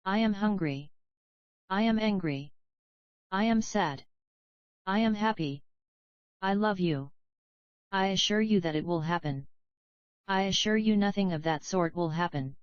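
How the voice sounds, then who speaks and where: Woman reading lesson phrases one by one, very unhurried pace, dull-sounding audio. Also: fairly low pitch, dry recording. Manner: reads short phrases one by one with pauses. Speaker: English phrase reader. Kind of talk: slow read-aloud phrase drills.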